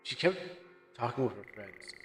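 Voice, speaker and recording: Brief: male streamer, mid pitch, quiet hesitant reading, reverb tail, faint music under. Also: animated, normal speed. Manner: subdued, hesitant reading with restarts. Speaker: game streamer. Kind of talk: reading game text aloud during a playthrough.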